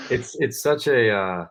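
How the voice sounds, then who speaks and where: A man's voice: mid-range voice, a bit bright, a little hiss or hum. Rambling, eager American man. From United States. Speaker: actor. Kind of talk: casual conversation.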